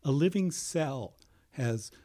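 A man talking as a guest in a studio, explaining things in a measured, step-by-step way. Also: medium pitch, expressive, mellow.

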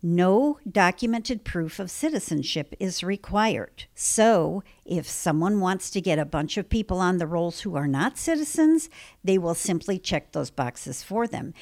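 A woman from Illinois, a guest in a political interview, explaining her points emphatically and punching key words with sudden jumps in pitch. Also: lively intonation, measured pace, a little mellow. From Illinois, United States. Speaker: election integrity activist guest.

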